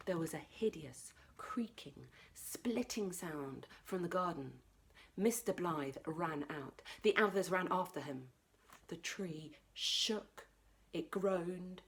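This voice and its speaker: A woman reading a children's book aloud as a librarian, expressive, dropping to a whisper for tense moments. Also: fairly low pitch, slow, gravelly. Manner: expressive, drops to whispers for tension. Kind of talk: children's storybook read-aloud.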